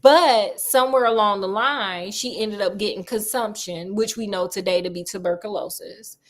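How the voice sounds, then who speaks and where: A woman casually retelling a classic story, chatty and full of slang and offhand asides. Her voice sits at an ordinary middle pitch. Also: normal speed.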